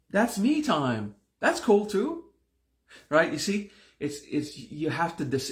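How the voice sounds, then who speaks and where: Gravelly voiced guy giving a chill spiritual class, talks loose, repeats stuff, lots of restarts. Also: medium pitch. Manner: conversational, repeats himself, many restarts. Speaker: spiritual teacher. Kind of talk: live-streamed class talk.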